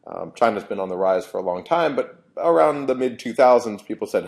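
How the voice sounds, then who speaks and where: A man's voice: fairly low pitch, expressive, fairly quick, creaky, a little mellow. A man, a professor, giving a university lecture in an explanatory way, often restarting phrases.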